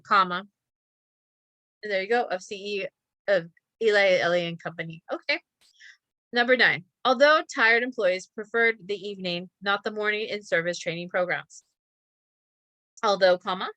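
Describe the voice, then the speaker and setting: A woman's voice: mid-range voice, pushed and bright, dry recording. A woman teacher reading practice sentences aloud and calling out each comma, with chatty asides. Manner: chatty asides about a company.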